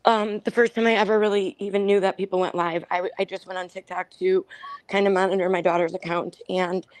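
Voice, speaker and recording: A woman's voice: mid-range voice, little pitch movement, a little fast, clear, resonant tone, no room sound, poor audio. Emotional hesitant woman calling in. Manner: emotional, hesitant, many ums. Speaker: guest caller. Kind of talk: livestream guest call.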